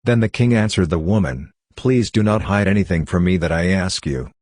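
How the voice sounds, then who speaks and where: A man reading scripture aloud as scripted narration, with a steady, measured delivery. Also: deep voice, dry recording, studio quality. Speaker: Bible reader.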